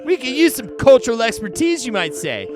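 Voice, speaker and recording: A man's voice: big pitch swings, fairly quick, over music. A man voicing a crude, arrogant male film director who insults everyone around him. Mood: rude. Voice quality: high, brash, sneering.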